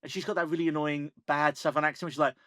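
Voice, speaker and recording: Man co-hosting a podcast, slightly high voice, animated and mocking, swears, dry mic. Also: fast, dry recording. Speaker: podcast co-host. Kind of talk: casual chat.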